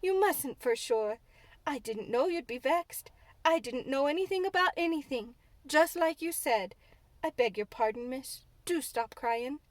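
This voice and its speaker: A woman's voice: sits high, lively intonation, measured pace, no room sound. A woman voicing a young, chatty, good-natured housemaid with a broad Yorkshire accent. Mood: soothing. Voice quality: broad dialect, homely and frank.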